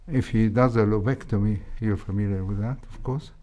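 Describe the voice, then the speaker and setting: An older man, a heart surgeon with an Egyptian accent, recalling his training in a reflective interview, speaking in a measured way with frequent hesitations. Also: fairly low pitch, fairly even intonation, warm tone. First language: Arabic.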